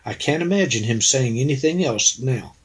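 Husky-voiced guy being interviewed, earnest storytelling, acts out old conversations. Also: medium pitch, animated, moderate pace. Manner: earnest, anecdotal, quotes people in dialogue. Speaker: interview guest, actor. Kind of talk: reflective storytelling.

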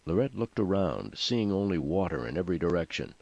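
Deep-voiced male audiobook narrator. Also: brisk, vocal fry, dry recording. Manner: expressive storytelling. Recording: dry, slightly muffled lo-fi recording.

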